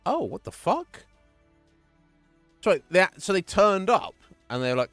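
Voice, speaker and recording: A man streaming live and chatting casually with viewers, chatty and profane and quick to laugh, from a home setup. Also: high-pitched, very animated, dry recording, faint music behind. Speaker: Twitch streamer.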